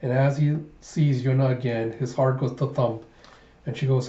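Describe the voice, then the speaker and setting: A man's voice: medium pitch, fairly even intonation, normal speed, dark tone, reverberant, dull audio. A man casually retelling a manga story chapter by chapter as a reviewer, in a loose, chatty way.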